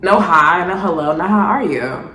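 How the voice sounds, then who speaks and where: A woman rants through a commentary vlog in a fairly low voice, sarcastic and exasperated, swinging between loud outbursts and muttered asides. She is recorded in an echoey room with a faint hum of ambience behind her. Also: expressive, moderate pace. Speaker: video essayist.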